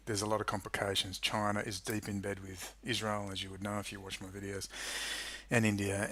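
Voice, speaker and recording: A man's voice: lowish voice, fairly bright tone. A man delivering an angry, sarcastic political rant to camera, swearing freely. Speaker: political commentary youtuber. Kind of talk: ranting monologue to camera.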